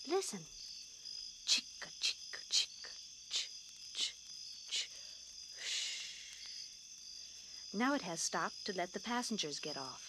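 A woman voicing a calm, easygoing busy man in a bedtime storybook, in a plain, unhurried way. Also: mid-range voice, background noise, natural voice. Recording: crickets chirping behind.

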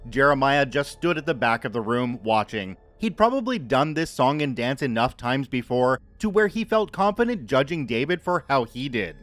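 Measured male story narrator. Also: medium pitch, dry recording. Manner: measured, even reading. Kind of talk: scripted horror story narration.

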